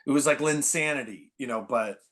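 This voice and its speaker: A man in his forties from the Bay Area, a podcast guest telling stories in an animated, rambling way full of "like". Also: medium pitch, brisk. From San Francisco Bay Area. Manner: animated, filler-heavy, constant "like". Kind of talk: casual storytelling chat.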